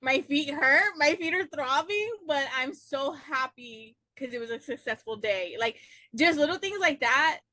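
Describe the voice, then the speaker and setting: A woman's voice: high voice, expressive, unhurried, bright, forceful tone, no echo. A woman guest, a business owner, chatting casually, giggly and tired. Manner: giggly, laughs often. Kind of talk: casual chat.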